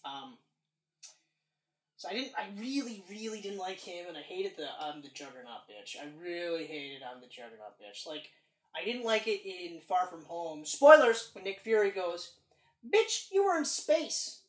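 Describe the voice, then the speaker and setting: A woman's voice: fairly low pitch, lively intonation, normal speed. A woman co-hosting a casual movie review chat, ranting animatedly and acting out characters' lines. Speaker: podcast co-host. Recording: echoey room.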